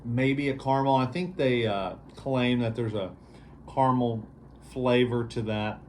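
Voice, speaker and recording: A man's voice: mid-range voice, fairly even intonation, a little slow, a little mellow, a little hiss or hum. A man hosting a casual vlog review, talking in an easygoing, rambling way with lots of fillers. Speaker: beer reviewer, show host.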